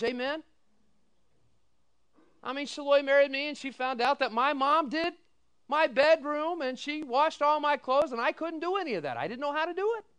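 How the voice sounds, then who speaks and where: A middle-aged pastor preaches his sermon in a high, smooth, clear voice. He tells folksy stories, acts out the people in them with lively voices, and keeps asking the congregation "amen?". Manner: folksy storytelling, animated quoted voices, asks "amen?".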